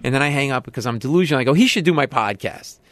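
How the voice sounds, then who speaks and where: A comedian being interviewed, telling stories in an animated way and jumping up in pitch when he quotes other people. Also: very fast, no echo. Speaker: comedian guest. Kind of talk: storytelling in a podcast interview.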